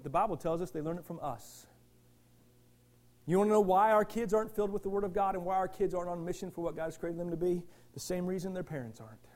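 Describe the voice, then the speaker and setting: A male pastor with a high voice preaches passionately, firing rhetorical questions at his congregation and swinging between shouts and quiet asides.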